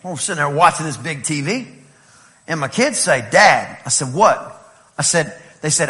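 A man from East Texas with an East Texas accent, preaching a lively sermon and telling playful stories to his congregation. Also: on the high side, moderate pace. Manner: animated, playful storytelling with laughs and shouts. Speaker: pastor.

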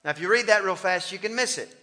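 A man's voice: sits high, fast, bright, forceful tone. A man preaching a sermon as pastor, impassioned and calling on the congregation to respond. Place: church sanctuary. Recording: long hall reverb in a church.

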